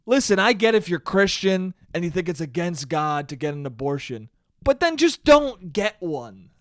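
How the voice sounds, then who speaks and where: A young man rants alone into his podcast mic, swearing freely and turning to his listeners with "dude." His voice sits fairly high. The sound is dry and close, with no room echo. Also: normal speed. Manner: profane, animated, talks to listeners as "dude". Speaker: podcast host. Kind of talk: solo podcast rant. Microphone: studio mic he checks the levels on.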